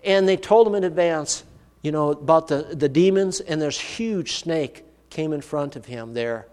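A man's voice: a little high, moderate pace, a little mellow. A man preaching a sermon, telling a personal story in an earnest, vivid way. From United States. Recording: long hall reverb.

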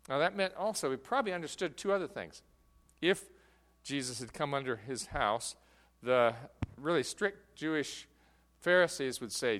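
A man's voice: fairly high pitch, very animated, normal speed, bright, forceful tone, long reverb tail. A man preaching a sermon as pastor, earnest and emphatic, with fillers and restarts as he explains a passage.

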